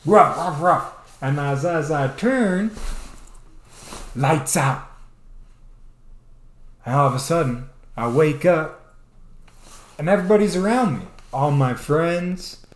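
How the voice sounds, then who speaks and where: A man vlogger telling a comedic personal story in a playful, animated way. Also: fairly high pitch, slow, long pauses, reverberant. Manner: animated, playful delivery with sound effects.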